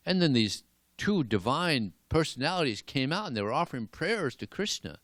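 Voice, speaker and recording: A man giving a devotional class and telling stories in an animated way, chuckling now and then. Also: a little high, moderate pace, hardly any pauses, dry recording. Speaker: lecturer. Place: temple hall.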